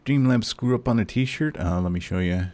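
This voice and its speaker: A man's voice: medium pitch, normal speed, darkish tone. A man streaming a game, chatting casually and ranting with lots of swearing and fillers. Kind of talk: casual live-stream chat.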